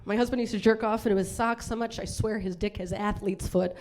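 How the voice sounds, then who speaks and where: A woman's voice: medium pitch, steady tone, a little fast, darkish tone, a little hiss or hum. A woman performing a bawdy live stand-up set in a comedy club, brash and laughing at her own jokes.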